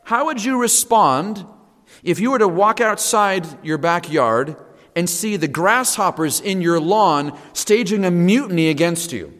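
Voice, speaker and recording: A man preaches with emphasis in a fairly high voice, often repeating his key phrases. He moves between hushed lines and loud ones. His voice carries a long reverb, as in a church sanctuary. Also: animated, a little slow. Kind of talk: sermon.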